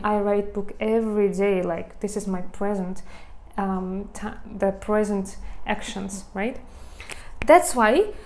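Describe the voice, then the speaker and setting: Slow-speaking woman with a Russian accent. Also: mid-range voice, a little mellow. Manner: explains slowly with many fillers and restarts. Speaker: Russian teacher. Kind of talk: online language lesson.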